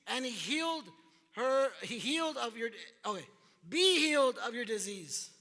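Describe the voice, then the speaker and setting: A pastor preaches with a strikingly high, bright voice. He is animated and acts out the figures from the scripture story. His voice rings with the long reverb of a large church hall. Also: moderate pace. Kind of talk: sermon.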